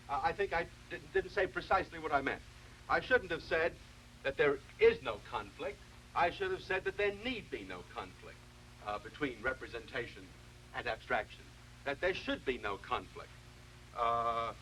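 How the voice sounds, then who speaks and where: A man delivers a philosophy lecture for television in a slightly raised register. He builds each point slowly and deliberately, often restarting a phrase to get it exactly right. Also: a little high, sharp tone, slight background noise, poor audio. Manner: measured, deliberate explaining with frequent restarts.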